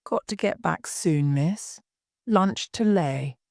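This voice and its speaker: A woman's voice: lowish voice, expressive, slow, creaky, no echo, studio quality, full character voice. A woman voicing a timid young working-class maid who has just become an heiress, speaking plainly and anxiously. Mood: wondering.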